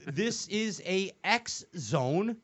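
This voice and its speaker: A man's voice: high-pitched, animated, extremely slow, a bit bright. A man hosting a casual comedy show, rambling and joking with many fillers and restarts. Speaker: show host.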